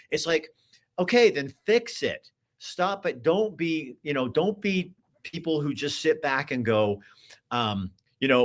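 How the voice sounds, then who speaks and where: A man's voice: fairly high pitch, expressive, a little slow. A man hosting a political talk show, speaking emphatically with many restarts and a preachy, exhorting manner. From Oregon. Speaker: host. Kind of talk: political talk show, reading viewer comments.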